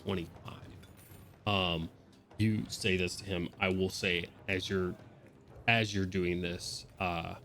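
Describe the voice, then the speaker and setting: A man narrating as dungeon master of a tabletop game, in a loose, halting way with many fillers. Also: low-pitched, level tone, a bit bright, slight background noise.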